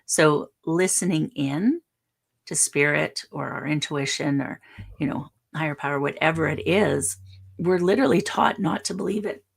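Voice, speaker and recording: A woman in casual spiritual chat, speaking earnestly and reflectively, gently giving advice. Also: low voice, moderate pace, creaky, husky. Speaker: podcast co-host.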